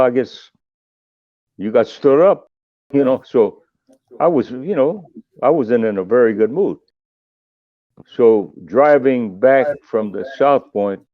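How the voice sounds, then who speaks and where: Older man telling animated stories. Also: fairly low pitch, no room sound, dull audio. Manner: animated and emotional, voice jumps up in excitement. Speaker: guest musician. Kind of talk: storytelling in a podcast interview.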